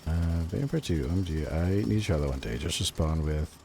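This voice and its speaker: A male streamer in easygoing gaming commentary with a low voice that swings up and down a lot. He talks in a chatty way, laughs often and swears freely. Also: lively intonation, brisk, vocal fry, a little mellow, a little hiss or hum.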